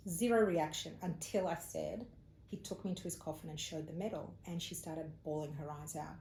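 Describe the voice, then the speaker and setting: Here an Australian woman with a low voice talks a little fast. As a psychic medium on an interview, she relays a personal story in relaxed conversation, dramatizing the people she quotes. Faint ambient noise and room echo are audible.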